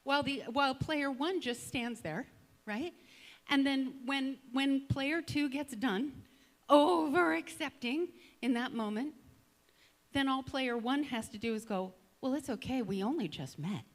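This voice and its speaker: A woman speaking as a guest at a Sunday service in a conversational sermon, a lively storyteller who acts out examples and keeps asking "right?". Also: high voice, measured pace. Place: spiritual center Sunday service.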